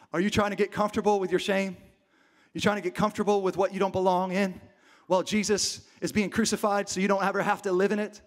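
A man preaching a dramatic sermon to a congregation, acting out the story in different voices and building to passionate peaks. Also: high-pitched. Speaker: pastor. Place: church hall with a live congregation.

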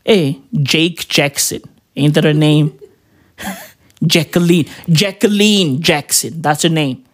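A woman's voice: sits low, slow. A woman in a profane, rambling comedic rant full of street slang, at home. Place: at home, with spouse nearby.

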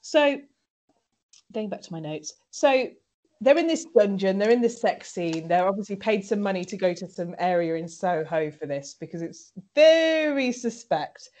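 A woman co-hosting a casual podcast chat, animated and sweary, laughing often. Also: mid-range voice, normal speed. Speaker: podcast co-host recapping a TV episode.

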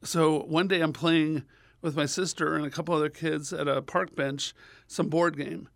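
A man with a fairly high voice tells a long funny story as a radio guest, and he is lively and animated. He acts out the people in the story with sudden jumps up in pitch. The sound is dry and close, with no room around it. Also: moderate pace, gravelly, no echo.

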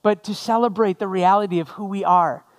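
A man's voice: high voice, fairly even intonation, a little fast. A male pastor giving a sermon after an opening prayer, conversational with jokey asides to the congregation.

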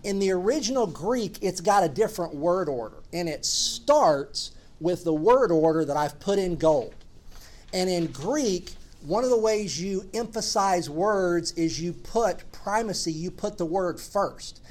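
A man's voice: sits high, animated, measured pace, a little mellow. A man preaching a sermon as a pastor, earnest and emphatic, building his points through repeated phrases.

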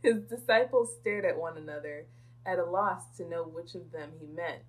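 Lower-voiced woman reading scripture aloud. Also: moderate pace, rough recording. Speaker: Bible study participant.

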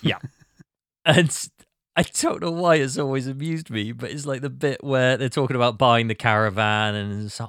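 A man hosting a casual podcast chat about a film, talking in an animated, rambling way. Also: mid-range voice, normal speed, dry recording, studio quality. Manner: animated, rambling, acts out quotes. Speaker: podcast host.

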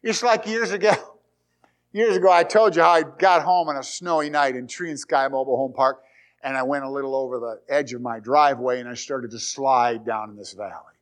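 A man preaching a sermon, reading scripture aloud and retelling the story in an animated way. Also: medium pitch, moderate pace. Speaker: pastor.

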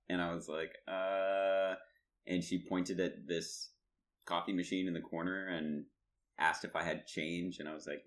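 Deep-voiced young male podcast co-host, casual, laughs a lot while telling stories. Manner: laughs often, animated storytelling. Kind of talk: casual chat.

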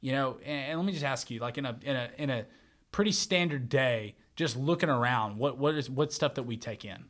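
A man's voice: mid-range voice, brisk. Man, 30s, church media worker, casual rambling storyteller, medium voice. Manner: animated, rambling, says man and bro.

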